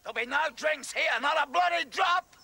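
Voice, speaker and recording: A gruff New rugby coach who bellows from the touchline, his voice bright and cutting and swinging wildly up and down. He bullies and taunts his players with rough, loud orders. Faint outdoor noise sits behind him. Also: medium pitch, big pitch swings, a little slow, heavily acted. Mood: taunting. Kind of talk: film acting.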